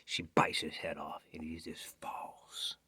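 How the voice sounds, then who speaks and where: A man's voice: a bass voice, completely flat delivery, slow, pushed and bright, breathy edge, no echo. A man auditioning with a dramatic scary story, dropping into whispers for suspense. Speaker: actor auditioning. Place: home self-tape.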